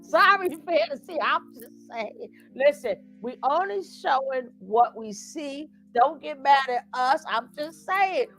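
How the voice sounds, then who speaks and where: High-voiced woman laughing through commentary. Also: slow, few pauses, soft background music. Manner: animated, laughs often, loud outbursts. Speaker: reaction commentary host. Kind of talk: laughing reaction chat.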